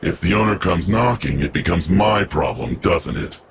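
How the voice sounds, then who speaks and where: A man playing a low-voiced wary agent. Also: moderate pace, background noise, close to an everyday voice. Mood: guarded. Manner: curt, wary, businesslike. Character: guarded secretive adult male agent. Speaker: game character. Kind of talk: video game voice acting. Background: music.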